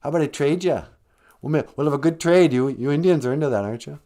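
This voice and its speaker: Sly, pushy goblin trickster for a told folktale, high and wheedling, put on by a man. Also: fast talker, mellow, lightly acted. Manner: wheedling, pushy salesman talk. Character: sly male goblin swindler at a bridge.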